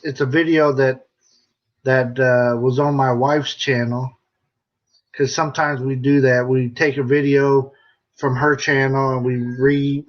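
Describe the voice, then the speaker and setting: Middle-aged American man, joking live-stream host reading comments, unhurried delivery, dull lo-fi sound. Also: mid-range voice. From United States. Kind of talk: casual live-stream chat.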